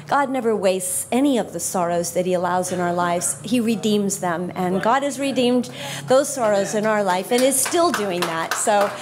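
A woman's voice: medium pitch, normal speed, noisy background. Earnest woman giving church testimony. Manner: heartfelt, earnest. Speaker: guest speaker.

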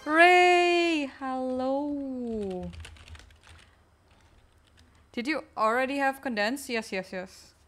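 A woman streaming a game, chatting casually with teammates in a low, weak, energy-saving way. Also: normal speed, a bit bright. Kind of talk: casual live-stream chat while gaming.

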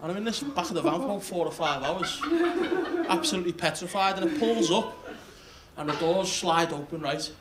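A man's voice: high-pitched, brisk. A man performing a stand-up comedy set on a club stage, telling a crude story full of swearing and ribbing the audience. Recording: loud club crowd laughing.

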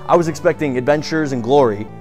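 An actor playing a bitter, foul-mouthed young space crewman who rants sarcastically and breaks into shouts, with music behind. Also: a little high, quick pace, big-room sound, close to an everyday voice. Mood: angry ranting. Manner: sarcastic, ranting, shouts in outbursts. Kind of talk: comedy sketch acting.

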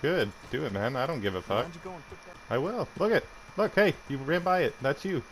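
A man's voice: mid-range voice, animated, moderate pace, a bit bright, a little hiss or hum. A young Canadian man trash-talking another player during an online game, mocking and swearing. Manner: taunting, profane, mocking. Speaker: gamer streamer.

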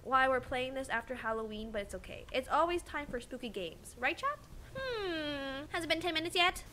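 Girl streamer playing a horror game, talks to chat, super high voice, goes all over the place, giggly and excitable. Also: normal speed. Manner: excitable, giggly, chats to viewers. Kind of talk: casual gameplay commentary.

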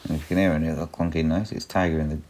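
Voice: a bass voice, fairly even intonation, racing, darkish tone, a little hiss or hum. A cross-stitch vlogger in a casual chat, answering viewer questions in a rambling way with many ums and little laughs. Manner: talks to a pet between answers.

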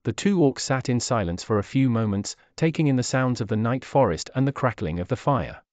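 Steady male story narrator, dry. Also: mid-range voice, a little fast, no echo, highs cut off.

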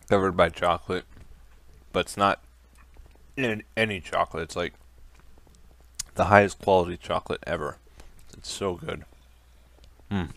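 A young man giving let's play commentary on a video game, easily startled into yelps and laughs between calm, musing remarks. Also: low voice, gravelly, no room sound. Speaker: gaming commentator.

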